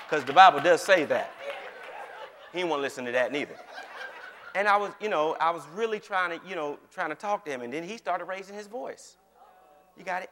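A male pastor with a high, bright voice preaches to his congregation in an easy conversational way, speaking. He keeps checking in with his listeners, and his words ring out through a reverberant church hall. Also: moderate pace, slight background noise. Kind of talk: conversational sermon.

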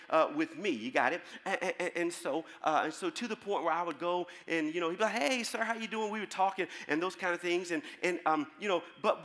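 Male pastor, high bright voice, congregation call-and-response, in a big echoing church hall. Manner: call-and-response preaching, swings from shouting to soft storytelling. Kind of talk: sermon.

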